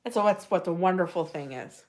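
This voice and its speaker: A woman's voice: lowish voice, a little fast, darkish tone. A woman hosting a casual live stream, chatting and gushing as she answers viewers by name. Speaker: livestream host.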